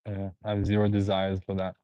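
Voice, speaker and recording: A man's voice: low-pitched, completely flat delivery, a little fast, dark tone, clear, resonant tone, no room sound. A man hosting a live stream, rambling through viewer comments, laughing and repeating himself. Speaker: host. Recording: dull, dry lo-fi sound.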